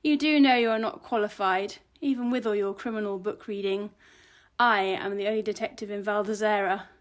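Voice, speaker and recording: A woman's voice: mid-range voice, steady tone, moderate pace, natural voice. A woman voicing a pompous middle-aged male police detective with a thick Austrian accent, talking down to everyone. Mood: smug.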